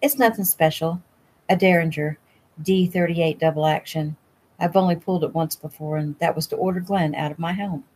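A woman's voice: fairly low pitch, moderate pace, a little mellow, a little hiss or hum, natural voice. A woman voicing a feisty, stubborn young woman in a storybook reading, wry and matter-of-fact. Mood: steady, wry.

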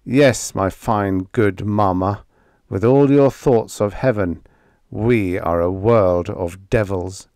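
An anguished, wounded space captain, as a male narrator puts him on in a storybook reading. He speaks slowly in a strained, grim tone with a lowish voice, recorded dry and close. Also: a little mellow, dry recording. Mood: grim intense.

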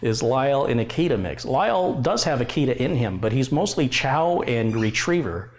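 A man's voice: mid-range voice, animated, moderate pace. A middle-aged man on a casual home live stream, chatting and talking playfully to his dogs. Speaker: tech channel host. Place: home room.

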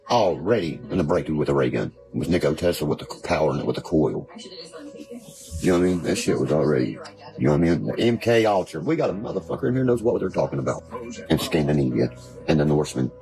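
A man's voice: a bass voice, lively intonation, fast talker, rough recording. A man from Virginia, rambling in casual chat, cursing freely and spinning conspiracy talk. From West Virginia. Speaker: guest. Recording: background music playing.

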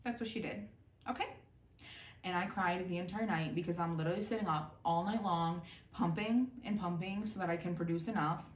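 A young woman telling a personal story in a storytime vlog, animated and sarcastic. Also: on the low side, a little fast. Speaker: vlogger. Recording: roomy echo, distant mic, faint noise.

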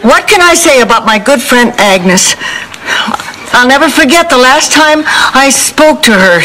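Sweet naive older lady, slow and earnest, hissy tv sound. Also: high-pitched, lively intonation, sharp tone, exaggerated voice. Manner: earnest, halting and guileless. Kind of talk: sitcom acting. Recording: noisy TV audio with studio audience.

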